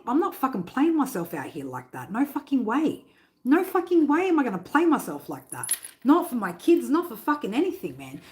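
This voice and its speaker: A middle-aged woman hosting a tarot live stream, talking bluntly with heavy swearing and a constant "right?". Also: medium pitch. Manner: blunt and heavily profane, keeps asking "right?". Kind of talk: casual live-stream chat.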